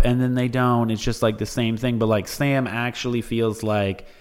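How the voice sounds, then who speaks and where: A man's voice: mid-range voice, fairly even intonation, normal speed, hardly any pauses, clean tone. A man co-hosting a casual podcast chat, joking around and laughing often. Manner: joking, laughs often, slips into silly voices. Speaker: podcast co-host.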